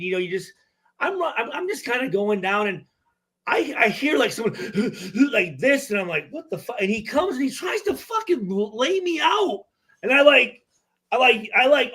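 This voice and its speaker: A man's voice: high-pitched, fairly bright tone. A man in his forties, a former player, talking in a casual podcast chat, hesitant with many restarts and plenty of swearing. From Michigan. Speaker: former player and guest analyst.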